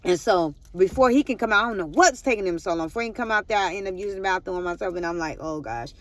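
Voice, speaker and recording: A woman's voice: medium pitch, very fast, fairly bright tone. A woman vlogger telling a personal testimony in a rambling way, repeating herself and talking straight to her viewers.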